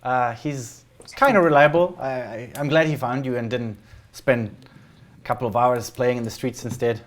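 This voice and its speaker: A man's voice: mid-range voice, moderate pace, close to an everyday voice. A man voicing a friendly, chatty halfling woman who leads her town, with a Scottish accent and a welcoming manner. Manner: chirpy, welcoming.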